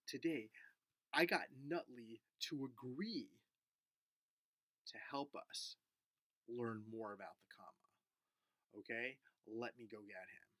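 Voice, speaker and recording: A man teaching a video lesson to first graders in a gentle, patient, coaxing way. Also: medium pitch, no room sound. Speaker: elementary school teacher.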